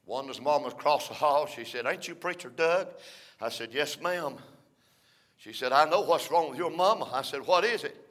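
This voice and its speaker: An older man preaching a folksy storytelling sermon, rising to shouts between drawn-out "uh" phrases. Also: on the high side.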